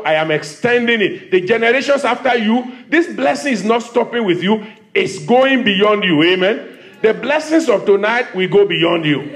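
Man, Nigerian accent, pastor, church sermon, high-pitched, repetitive call-and-response preaching. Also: fairly bright tone. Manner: preaching with call-and-response, repeating phrases for emphasis. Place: church service.

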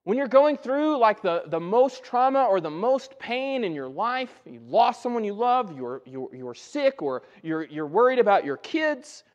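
High-voiced pastor preaching conversationally. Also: male voice, big pitch swings, a little slow, few pauses, dull audio. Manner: conversational, keeps asking "right?". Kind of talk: sermon. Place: church sanctuary.

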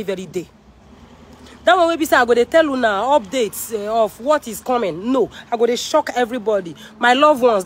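A Nigerian woman on a live stream, talking to her fans in an emphatic, preaching way, repeating her phrases and mixing Pidgin with English. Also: fairly high pitch. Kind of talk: livestream talk with preaching.

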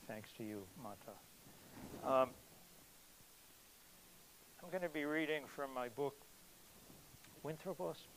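A man speaking to an audience at a poetry reading, mid-pitched and unhurried, pausing often with ums as he gathers his thoughts. A faint hiss runs under the recording. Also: low-quality recording. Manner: hesitant, with many ums. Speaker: poet giving a reading. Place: cultural center hall.

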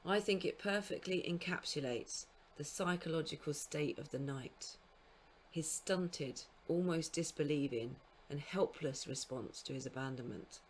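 A woman giving a recorded literature lecture to school students, explaining in a measured way and now and then correcting herself mid-phrase. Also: low voice, a little hiss or hum. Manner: speaks scansion aloud in sing-song beats. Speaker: university lecturer.

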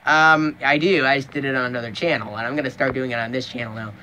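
A man's voice: medium pitch, quick pace, sharp tone, clear, resonant tone. A young man ranting profanely and emphatically in a casual vlog, often stopping to restart a thought. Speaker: vlogger.

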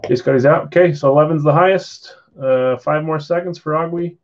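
A man's voice: on the high side, brisk, slight background noise. A man hosting a live card break stream, chatting casually while calling out bids and sales. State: yawning, tired. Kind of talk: live-stream auction chat. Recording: slightly dull lo-fi stream audio.

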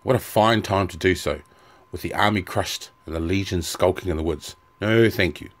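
Man reading as a weary loyal soldier, calm, tired, deep voice. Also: normal speed. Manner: tired and even-tempered.

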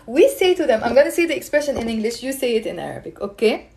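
A woman's voice: a little high, sing-song, quick pace, creaky, a little mellow. A woman teaching a live-streamed language lesson, chatting with viewers and drilling pronunciation. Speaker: Arabic teacher.

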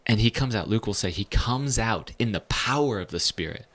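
A man, a pastor, teaching the Bible in a casual, animated way with bits of slang. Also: lowish voice, normal speed.

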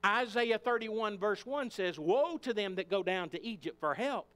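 Appalachian preacher guy, pretty high voice, gets loud and fired up then drops quiet. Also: lively intonation, moderate pace. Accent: Appalachian American. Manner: impassioned preaching, rising and falling in pitch and volume. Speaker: pastor. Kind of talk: sermon. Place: church sanctuary.

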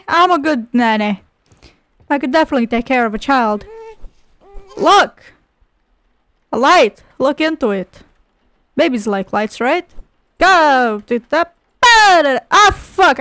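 A young woman giving casual, profane and sarcastic commentary as she plays a game, with frequent exclamations. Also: high voice. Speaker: gaming video host. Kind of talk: casual let's-play commentary.

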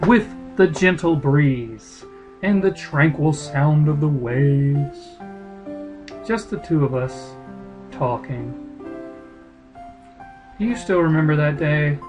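A man reading the lines of a gentle, wistful young village girl in a video game, soft and earnest. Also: fairly high pitch, animated, takes it slowly, long pauses, over music, poor audio.

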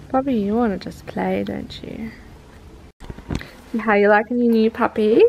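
A woman's voice: medium pitch, slow, gravelly, darkish tone, slight background noise, poor audio. A young woman vlogging at home, cooing baby talk to a new puppy. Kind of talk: casual home vlog.

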